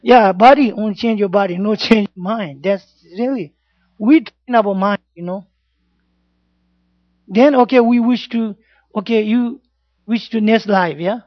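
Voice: medium pitch, a little slow, long pauses, no room sound. A Buddhist teacher giving an informal class talk in simple broken English, often checking in with "yeah?" and "you know". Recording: dull lo-fi recording, dry sound.

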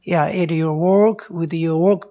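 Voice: mid-range voice, steady tone, slow. Buddhist teacher, broken english, repeats words, keeps asking yeah, dull lo-fi recording. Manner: broken English, repeats phrases, tag-question check-ins. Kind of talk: dharma talk with interpreter.

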